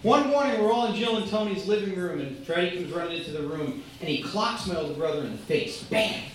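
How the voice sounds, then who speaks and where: A stand-up comedian telling a wry, animated story to an audience, with frequent ums and uhs. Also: mid-range voice, fairly quick. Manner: animated, wry, uses many um and uh. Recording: echoey room, far-off mic, faint ambience.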